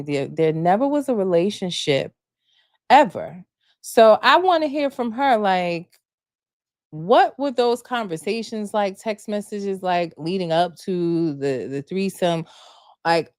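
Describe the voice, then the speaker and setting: Woman with spilling reality tv tea on her live show, lowish voice, dry close sound. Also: dry recording. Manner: animated, gossipy, rhetorical questions. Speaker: podcast host. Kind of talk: casual live recap chat.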